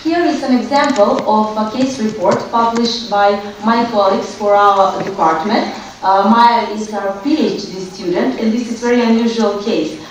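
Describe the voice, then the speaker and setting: A woman's voice: medium pitch, moderate pace. Woman lecturing in an echoey hall. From Serbia. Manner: apologetic, hesitant with many fillers. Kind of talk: academic lecture. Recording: echoey hall, distant mic, noisy.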